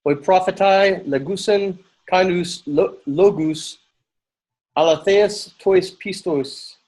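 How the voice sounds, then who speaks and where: A man's voice: high voice, takes it slowly, darkish tone, poor audio. Hesitant male student reading answers. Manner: hesitant, with fillers and self-correction. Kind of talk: reading answers aloud in class.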